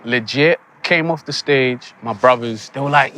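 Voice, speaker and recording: A young man, an actor telling stories in a casual interview, animated and laughing often. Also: mid-range voice, moderate pace, a little hiss or hum. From England. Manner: animated, laughs often, acts out quoted lines. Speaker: actor guest.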